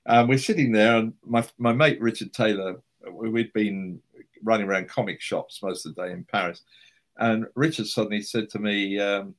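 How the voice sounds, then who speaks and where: A man's voice: lowish voice, steady tone, moderate pace. An older man, a writer, telling chatty anecdotes as a guest in an interview, with frequent restarts and fillers.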